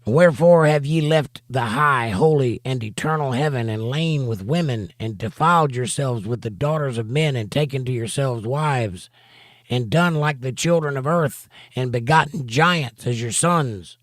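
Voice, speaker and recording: Bible study teacher, male, mid-pitched voice, reads passages then comments emphatically, dry close sound. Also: moderate pace, no echo. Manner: emphatic, rhetorical asides between readings. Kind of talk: reading scripture aloud with commentary. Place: home studio for a livestream.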